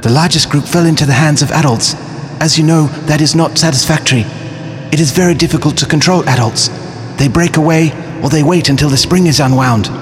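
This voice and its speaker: A man voicing a small, anxious male toy airplane messenger who reports in a quick, worried way. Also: fairly high pitch, a little hiss or hum, voice pushed up, close to an everyday voice. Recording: reverberant audiobook with faint music.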